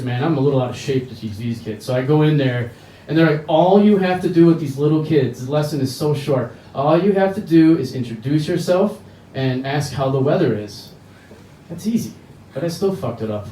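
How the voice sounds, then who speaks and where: On a bar stage in the United States, a male comic with a mid-range, mellow voice rambles through crude stories, switching voices quickly. The echoey bar recording picks him up from a distance, with a little hiss or hum.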